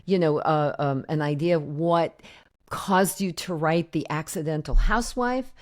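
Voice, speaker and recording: Talk-show host: woman, low-pitched, chatty, meandering questions. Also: a little slow, darkish tone. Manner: chatty, rambling questions with many fillers. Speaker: podcast host. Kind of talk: conversational interview.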